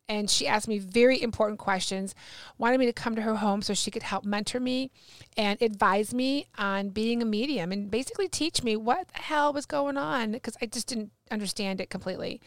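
A woman guest on a podcast, telling a personal story in a casual, animated way and acting out the dialogue. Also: medium pitch, smooth, dry recording. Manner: animated, acts out quoted dialogue. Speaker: guest medium.

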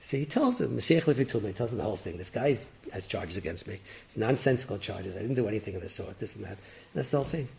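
Guy telling a story, gravelly voice, lively, does the voices. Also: lowish voice, fast, slight background noise. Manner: lively, acts out characters with rising excited voices and laughs. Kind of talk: animated oral storytelling.

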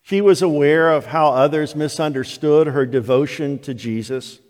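An older man preaching a sermon as pastor, telling the story slowly and deliberately. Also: fairly high pitch, a little mellow. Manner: slow, deliberate storytelling delivery. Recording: long hall reverb of a church.

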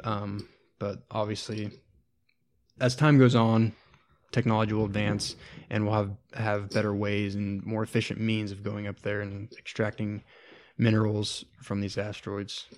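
A young man explaining his paper in a measured way, with frequent "you know" and "um" fillers. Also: on the low side, flat delivery, darkish tone. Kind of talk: casual explaining.

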